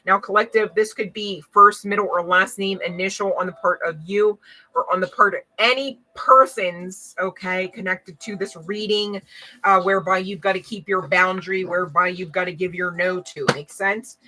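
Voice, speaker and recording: A woman's voice: medium pitch, fairly even intonation, moderate pace, sharp tone, rough recording. A woman giving a spiritual card reading to her audience in a casual, blunt, slangy way, swearing and laughing often.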